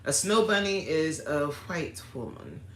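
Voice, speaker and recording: This livestream host has a deep, expressive voice and speaks a little slowly, chatting casually, laughing a lot, and reading comments from viewers aloud. The room is echoey, with a little hiss or hum.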